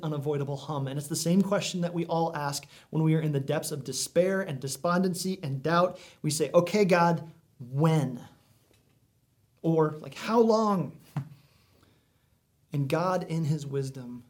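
A man's voice: fairly high pitch, darkish tone. A man preaching a sermon in a conversational way, full of asides and questions to the congregation. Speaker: pastor.

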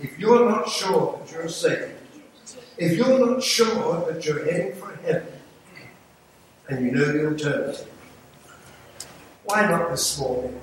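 A man's voice: a little high, animated, a little slow, pauses often. An older man with an English accent, preaching an earnest, pleading evangelistic sermon with light humour in a church sanctuary. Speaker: visiting evangelist. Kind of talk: evangelistic sermon with altar call. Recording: echoey church from a distance, noisy.

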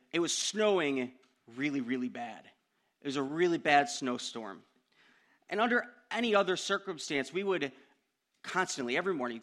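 A young man preaching a sermon, telling a personal story in an animated way that climbs into loud outbursts. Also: mid-range voice.

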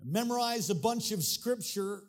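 A male pastor preaches to his church through a microphone, his voice sitting high for a man. He builds fervent, sing-song runs of repeated phrases and calls out to the congregation. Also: animated, unhurried. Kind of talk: sermon. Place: church sanctuary. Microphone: handheld or stage mic.

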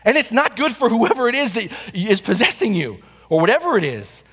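A man delivers a Sunday sermon from the pulpit in a notably high voice. He leans on repetition and rhetorical questions to press his points. The sound carries the long reverb of a church sanctuary. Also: big pitch swings, a little fast, a bit bright, breathy edge. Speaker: pastor.

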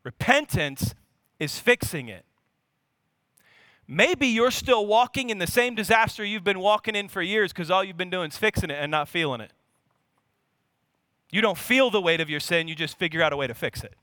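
A man in his thirties from Louisiana with a Louisiana accent, preaching a lively sermon as a pastor, full of repetition and rhetorical questions. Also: sits high, moderate pace, long pauses, no echo, studio quality.

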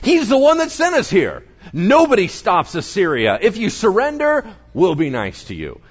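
Guy doing a loud cocky enemy commander yelling up at the walls, high and bossy, dull lo-fi sound. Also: wildly swooping pitch, normal speed, husky, exaggerated voice. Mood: taunting. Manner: shouting taunts, mocking. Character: boastful menacing male enemy army commander.

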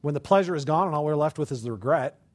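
Man, sermon, high voice, dry close sound, conversational, rhetorical questions. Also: expressive, fast talker, no room sound. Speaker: preacher.

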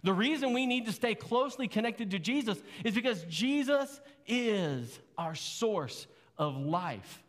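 A man's voice: high-pitched, lively intonation, unhurried, few pauses, long reverb tail. A man preaching a sermon as pastor, earnest and conversational, with rhetorical questions.

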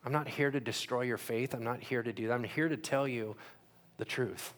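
A man preaching a sermon as pastor, asking the crowd questions and acting out quick voices. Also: medium pitch.

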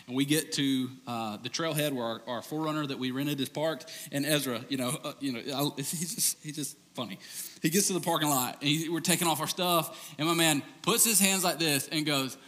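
A man preaching a sermon as pastor, telling stories in a loose, conversational way and dropping to a hush for key points. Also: fairly quick. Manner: conversational storytelling, animated, ends low and hushed. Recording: long reverb of a large hall.

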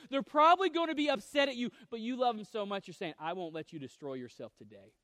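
A male pastor preaches with an earnest, conversational delivery, often stumbling and restarting as he reaches for the next phrase. His voice sits very high and has a slightly whiny edge. The sound is dry and close, with almost no room around it. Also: no echo. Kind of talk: sermon.

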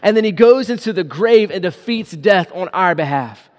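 A man preaching a sermon as pastor, animated and acting out quotes in casual paraphrase. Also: high-pitched, moderate pace. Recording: long hall reverb.

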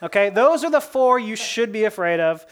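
A woman preacher whose voice is a little high speaks at a moderate pace. She gives her sermon in a lively, conversational way, asking rhetorical questions and laughing at her own jokes.

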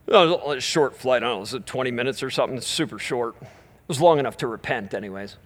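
A middle-aged man preaching as a minister, telling a story with animated energy and easing into soft, slow prayer. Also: medium pitch. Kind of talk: storytelling sermon at a live church event.

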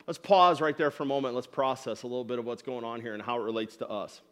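A man's voice: mid-range voice, steady tone, fast talker, a bit bright. A male pastor giving a sermon, talking earnestly and repeating words as he builds each point. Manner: acts out the people's complaints in quoted voices.

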